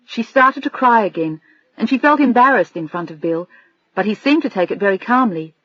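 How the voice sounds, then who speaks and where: A woman's voice: medium pitch, no room sound. Woman narrating an audiobook, dry sound. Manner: measured, even storytelling. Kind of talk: scripted narration. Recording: dry, slightly dull studio recording.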